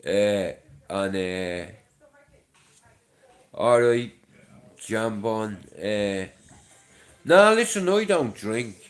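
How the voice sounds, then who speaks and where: A middle-aged man with a Dublin accent and a lowish voice hosts a livestream, casually chatting and rambling to viewers. He swears freely, and a chest infection makes his voice sound chesty.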